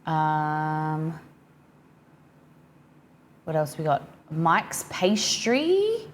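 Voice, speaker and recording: A woman with an Australian accent hosts a cooking live-stream, chatting easily and reading viewer comments aloud as she reacts to each one. Her voice sits fairly low for a woman. A faint hum of background noise runs under her talk. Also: sing-song, drawn-out words.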